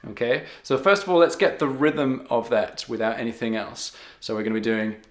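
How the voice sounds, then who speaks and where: A man of middling pitch teaches harmonica licks patiently, one step at a time. He counts the beats aloud as he walks through each lick. His voice carries a roomy echo. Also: expressive, brisk, music in the background. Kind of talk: step-by-step music lesson.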